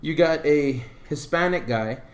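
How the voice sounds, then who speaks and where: A man spinning a long story in a relaxed podcast chat, his voice sitting a little high for a man. He acts out the people in his stories with big, lively jumps in his voice. The room is echoey. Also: a little slow. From Puerto Rico. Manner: animated storyteller, acts out quoted people loudly. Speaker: podcast co-host.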